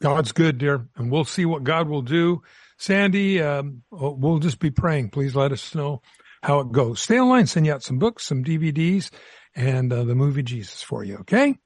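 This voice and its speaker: A man's voice: a little high, lively intonation, moderate pace, no room sound. A man hosting a Christian radio call-in show, greeting callers in a folksy way and calling them dear.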